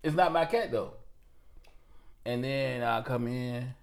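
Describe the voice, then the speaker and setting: A man's voice: medium pitch, slow, creaky. A man who is a podcast guest, telling his stories casually and acting out the voices in them. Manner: animated storyteller, acts out voices in his stories. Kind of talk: casual storytelling.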